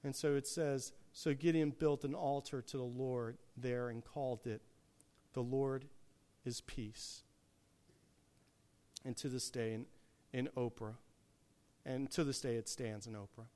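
Slow, dynamic preaching man. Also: medium pitch. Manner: dynamic, swinging from hushed to loud emphatic. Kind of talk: sermon.

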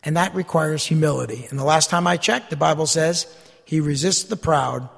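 A man's voice: a little high, moderate pace, vocal fry, husky, long reverb tail. A man preaching a sermon, reading scripture aloud and asking his listeners "Amen?". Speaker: pastor.

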